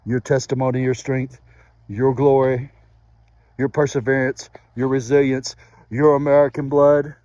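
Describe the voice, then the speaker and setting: A man giving an emotional spoken testimony and prayer as a motivational speaker, impassioned and preacherly, dropping to a hushed voice at times. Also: medium pitch, level tone, no echo, dull audio. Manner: impassioned, preacherly, with pauses and sudden drops to a hushed voice.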